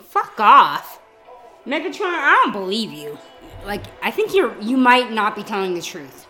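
Bright, animated woman riffing on a film. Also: fairly high pitch, a little slow, soft background music. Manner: joking, swears freely, mock-quotes the characters. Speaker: guest commentator. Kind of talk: casual movie commentary.

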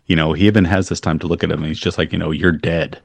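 Gravelly deep-voiced man chatting about movies. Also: steady tone, very fast, no echo. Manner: rambling, restarts mid-sentence, swears casually. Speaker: podcast co-host. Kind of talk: casual movie commentary chat.

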